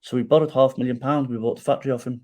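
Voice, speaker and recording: A man's voice: medium pitch, rapid-fire. A middle-aged man telling a personal story as a podcast guest, acting out the quoted dialogue and checking in with the listener as he goes. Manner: animated storyteller who acts out quoted dialogue and tags lines with "right?".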